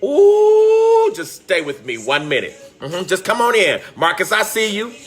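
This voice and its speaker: A man's voice: fairly high pitch, sing-song, normal speed, sharp tone, breathy edge, soft background music. A man teaching on a live stream, greeting viewers by name and calling out with fervent emotion. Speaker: teacher hosting a live online talk. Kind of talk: impassioned livestream teaching.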